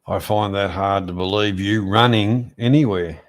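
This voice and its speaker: A man's voice: lowish voice, moderate pace. A man chatting casually as a guest, making dry, teasing remarks. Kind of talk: casual chat.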